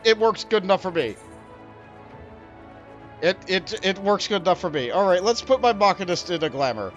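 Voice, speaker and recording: A man's voice: high voice, animated, normal speed, muffled recording, soft background music. A man streaming a game, chatting casually and laughing often in a self-mocking way as he plays. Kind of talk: casual gameplay commentary.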